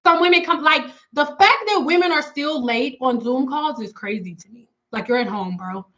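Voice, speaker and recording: A woman's voice: high-pitched, expressive, moderate pace, fairly bright tone, muffled recording. A woman hair stylist chatting casually on a live stream with viewers, talking in a blunt, frank and slangy way. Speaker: natural hair stylist and consultant.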